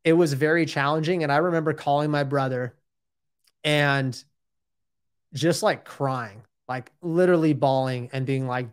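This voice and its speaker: A man's voice: a little high, fairly even intonation, brisk, smooth. A man in his thirties telling his own story in a casual, rambling and candid way, often saying "dude" and "like".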